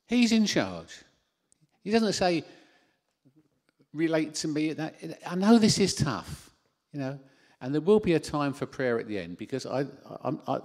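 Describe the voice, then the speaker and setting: In a church hall, a man delivers an animated sermon through a handheld mic, sprinkling in jokes at his own expense. His voice is a little high.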